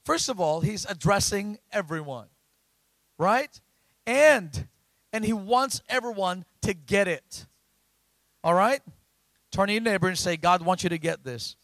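A man preaching a sermon, often asking the congregation questions and rising to loud emphatic lines. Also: sits high, animated, a little slow, pauses often, dry recording. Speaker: pastor.

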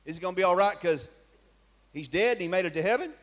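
A man's voice: sits high, animated, fast, a bit bright. A man preaching a sermon in a church, emphatic and firing rhetorical questions at his congregation. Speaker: pastor.

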